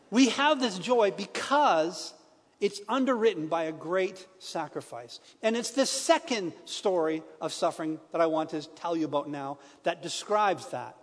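Guy preaching his own story, high voice, earnest, big church reverb. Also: animated, unhurried. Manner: earnest, personal, shifts from hushed to emphatic. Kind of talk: sermon testimony.

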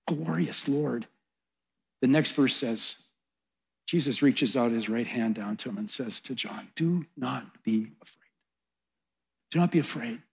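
A middle-aged man preaching a sermon, swelling to loud, fervent peaks and then dropping soft. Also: mid-range voice. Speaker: pastor.

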